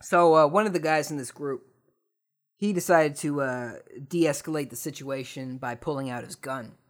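A young man hosting a podcast, telling comic stories and ranting sarcastically, swearing freely and jumping from mutters to loud outbursts. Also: fairly high pitch, moderate pace. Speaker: podcast host. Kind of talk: comedic storytelling rant.

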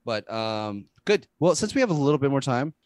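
A man's voice: medium pitch, very animated, a little fast, no room sound, clean studio sound. A man co-hosting a casual chat about a show, rambling and trailing off mid-sentence. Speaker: podcast co-host.

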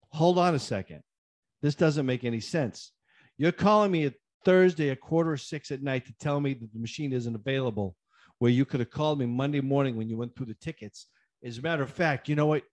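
A man in casual conversation, worked up as he retells a frustrating episode. He rants animatedly, voices the people he argued with, repeats himself and restarts sentences, and his voice shoots up when he gets riled. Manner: animated ranting, jumps high in pitch when riled; acts out the other side of phone calls. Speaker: storyteller in a chat. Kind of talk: casual chat.

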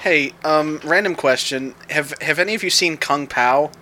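A man's voice: on the high side, normal speed, pushed and bright. A man guesting on a podcast, explaining things at length in a rambling, enthusiastic way. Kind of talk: casual podcast chat.

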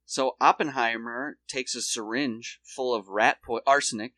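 A man's voice: mid-range voice, fairly even intonation, measured pace, sharp tone, no room sound. Male podcast co-host, crude storyteller, dry close mic. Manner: rambling storyteller, swears, acts out quotes in shifting voices. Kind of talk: casual chat.

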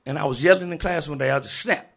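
A man who is a teacher, telling a personal story live on stage, animated, laughing often and shouting to the crowd. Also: on the high side, very fast, vocal fry. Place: live event venue in Memphis.

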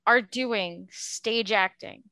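A woman's voice: mid-range voice, slow, sharp tone, smooth, dry recording. A woman enthusiastically giving her opinions on a film in casual chat. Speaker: podcast co-host.

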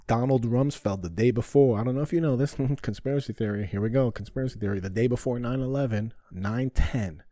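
Profane ranting man, low and dry. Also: warm tone, dry recording. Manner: heated, profane, rhetorical questions. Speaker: podcast host. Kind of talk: ranting solo podcast talk.

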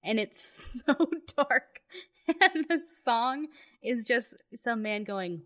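A young adult woman co-hosting a podcast, chatting casually with playful, deadpan teasing. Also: fairly high pitch, takes it slowly. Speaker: podcast co-host. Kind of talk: casual chat.

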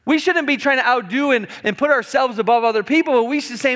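High-voiced preaching man in a reverberant hall. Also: fast, few pauses. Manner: conversational, animated storytelling preaching. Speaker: pastor. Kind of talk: sermon. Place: church sanctuary. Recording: long reverb of a church hall.

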